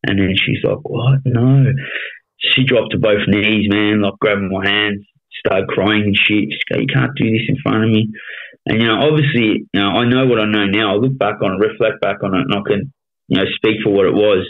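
An Australian man in his thirties with a lowish voice tells his story bluntly, swearing often and checking in with "you know what I mean." The sound is thin and tinny, like a phone line. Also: level tone, brisk. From Melbourne, Australia. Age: 30s. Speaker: podcast guest. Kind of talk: casual storytelling interview.

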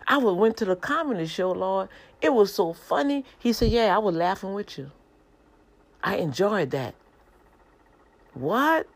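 A middle-aged woman preaching informally, telling a lively testimony with quoted dialogue in a manner. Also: sits low. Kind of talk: informal sermon to an online audience.

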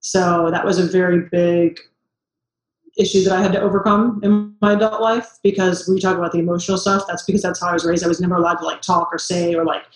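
A woman's voice: on the low side, little pitch movement, quick pace. Chatty mother in an echoey room. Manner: chatty, many "like" fillers, acts out quoted voices. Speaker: guest, mother. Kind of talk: casual interview chat.

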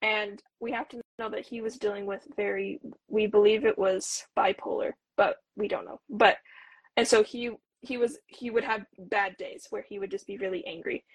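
A woman's voice: medium pitch, little pitch movement, normal speed, slightly rough, no echo, rough recording. A woman in her twenties, a returned missionary, earnestly telling a personal story as an interview guest, with lots of "like" fillers. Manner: earnest, talks with frequent "like" fillers.

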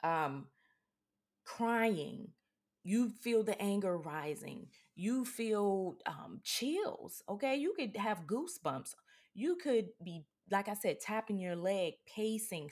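A woman's voice: medium pitch, slow pace. A woman hosting a self-help podcast, talking casually and directly to her listeners, often checking in with "right?" and "okay?". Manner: animated, addresses listeners as y'all and guys, frequent "right?" and "okay?". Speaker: podcast host.

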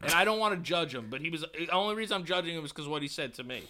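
Bright-voiced man telling profane stories. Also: a little high, racing. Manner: profane, animated storyteller. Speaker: podcast host. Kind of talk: casual storytelling chat.

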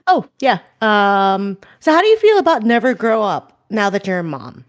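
A woman's voice: mid-range voice, sing-song, moderate pace. A woman in her thirties co-hosting a podcast, candid and teasing, laughing often. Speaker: podcast co-host. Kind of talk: casual chat.

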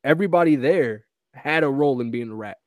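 A man's voice: medium pitch, fast talker, no echo. A man co-hosting a podcast, chatting casually about a movie, swearing a lot, acting out quotes and laughing often. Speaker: podcast co-host.

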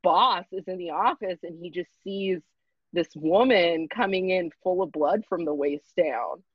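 A young woman comedian telling a story in a casual, profane, animated way and acting out the people in it. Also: fairly low pitch, unhurried, breathy edge, no echo. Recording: dull lo-fi sound.

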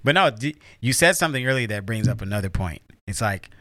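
A man talking casually with his partner on a podcast, relaxed and rambling with many fillers. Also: fairly low pitch, fast talker, no echo, clean studio sound. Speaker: podcast co-host. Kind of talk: casual couple chat.

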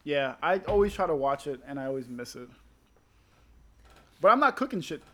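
A man's voice: on the high side, very animated, normal speed, bright, forceful tone. A man in crude casual chat, blunt and argumentative, swearing freely.

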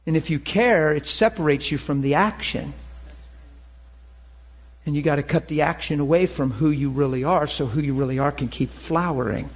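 A man's voice: fairly high pitch, moderate pace, husky. A middle-aged man preaching a sermon in a conversational way, acting out little dialogues and laughing often.

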